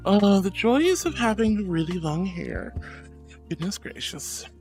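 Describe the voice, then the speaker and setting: A woman talks into a headset mic during a casual live stream, reading out chat messages and answering them. Her delivery is playful, animated and teasingly indignant, and her pitch swings up and down a lot. Faint music plays behind her. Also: slow pace.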